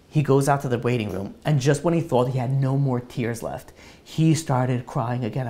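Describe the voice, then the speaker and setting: A man's voice: medium pitch, moderate pace, dark tone. A rabbi giving a sermon, telling an emotional story, his voice rising with feeling as he urges his listeners.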